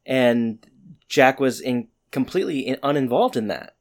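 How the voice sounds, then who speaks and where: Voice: medium pitch, animated, normal speed, a little mellow. Chatty podcast co-host pushing the recap along. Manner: loose, chatty, moves the recap along with "so anyway". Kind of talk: casual chat.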